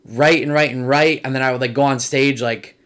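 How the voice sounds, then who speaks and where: A man's voice: medium pitch, steady tone, fairly quick, fairly bright tone. A young man from Michigan, a comedian guest, telling stories in casual podcast chat, loose and rambling with lots of "like.". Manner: loose, rambling, says "like" often.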